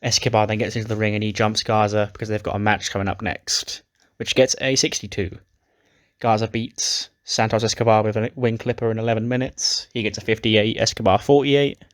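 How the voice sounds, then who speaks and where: Guy casually recapping his wrestling sim run, lowish voice. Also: steady tone, fairly quick. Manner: recaps storylines casually with swearing. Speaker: game player narrating. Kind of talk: narrating a wrestling sim playthrough.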